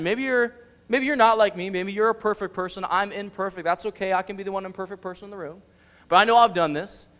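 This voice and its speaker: Chatty high-voiced man preaching. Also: big-room sound. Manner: chatty, animated, full of filler words. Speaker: youth ministry director preaching. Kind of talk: casual conversational sermon. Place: church sanctuary.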